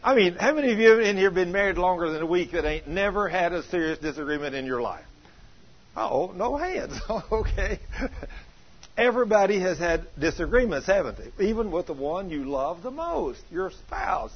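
A preacher with a high, husky voice delivers an animated sermon in church. He fires questions at the congregation and swings from low asides to loud bursts. The recording is dull and lo-fi. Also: moderate pace.

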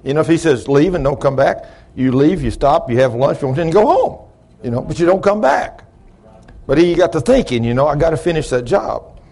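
A man's voice: a little high, animated, fairly quick, breathy edge. A middle-aged man, preaching and telling a long story in a sermon. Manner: shouts praise, then drops to quiet storytelling. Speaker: pastor.

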